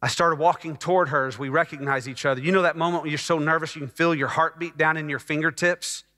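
A middle-aged pastor from Texas preaching a sermon as a personal testimony, emotional and rising to fervent peaks. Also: male voice, fairly high pitch, steady tone, fast, bright, forceful tone. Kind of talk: sermon storytelling. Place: church sanctuary. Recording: church hall reverb.

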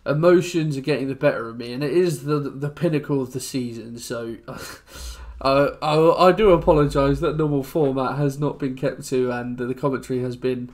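A young man from England talks over a football video game in loose, rambling commentary. His mid-pitched voice swings between low, glum muttering and loud, excited outbursts as the match turns. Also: normal speed, few pauses. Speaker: gaming YouTuber. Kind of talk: casual gameplay commentary.

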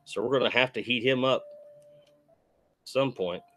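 A man hosting a relaxed, chatty stream while unboxing toys and answering chat messages. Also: medium pitch, moderate pace. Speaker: host. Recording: faint background music.

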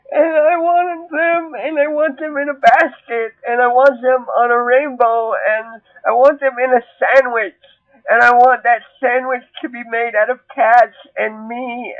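A man voicing a nervous, cat-obsessed teenage girl puppet who talks haltingly and keeps welling up into tears. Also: very high voice, no echo. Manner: halting, full of ums, breaks into tearful gushing. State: tearful. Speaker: puppet character. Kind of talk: comedic puppet monologue. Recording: tinny phone-like dry sound.

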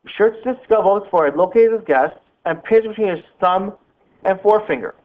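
Male teacher narrating a novel, steady and plain, slightly high, phone-line sound. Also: a little fast. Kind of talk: reading a novel aloud.

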